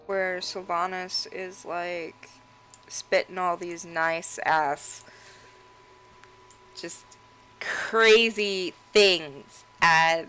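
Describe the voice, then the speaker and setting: Slow-talking woman ranting over a game. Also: fairly low pitch, steady tone, sharp tone, a little hiss or hum, poor audio. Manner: rambling, laughing, profane. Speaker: gaming video creator. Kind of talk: casual gameplay rant.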